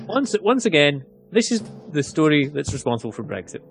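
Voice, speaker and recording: A man's voice: fairly high pitch, big pitch swings, fairly quick, vocal fry. A man from near the Scottish border, co-hosting a podcast in casual, jokey chat with sarcastic asides. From England, near the Scottish border. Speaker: podcast co-host.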